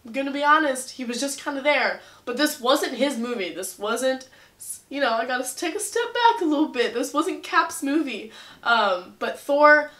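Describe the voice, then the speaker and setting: Young female vlogger, gushing movie-review chat, bright and fairly high voice, echoey room. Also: lively intonation, moderate pace. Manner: gushing, talks straight to viewers.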